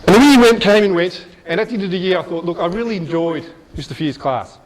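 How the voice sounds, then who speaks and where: A middle-aged man giving a motivational speech, telling a personal story in a lively, chatty way with asides. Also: high-pitched, quick pace, low-quality recording. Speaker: motivational speaker.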